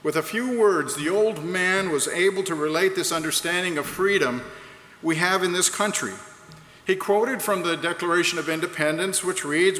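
A man's voice: high-pitched, moderate pace, a bit bright. A man preaching a sermon in a large hall, earnest and rhetorical, reading quotes aloud. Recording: echoey hall, faint background noise.

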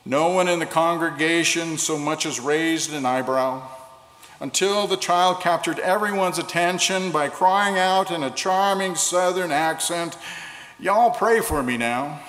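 A man preaching a sermon and leading prayer, slowing down to stress key phrases. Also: fairly high pitch, fairly even intonation, a bit bright. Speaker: pastor. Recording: echoey hall with long reverb.

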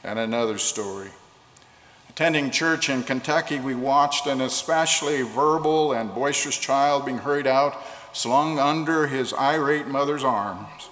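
A man preaching a sermon and leading prayer, slowing down to stress key phrases. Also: medium pitch, fairly bright tone. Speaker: pastor. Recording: echoey hall with long reverb.

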